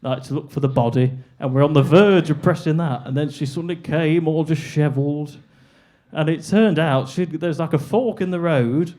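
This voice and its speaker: Giggly self-deprecating comic. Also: male voice, a little high, moderate pace, warm tone. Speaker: stand-up comedian. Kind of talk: stand-up comedy set. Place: comedy club stage.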